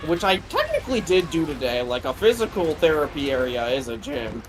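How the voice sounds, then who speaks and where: Rambling man with a higher voice. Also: huge pitch swings, fairly quick, few pauses, over music, poor audio. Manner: rambling, swears casually, hesitant restarts. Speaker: streamer playing co-op. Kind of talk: casual gameplay chat.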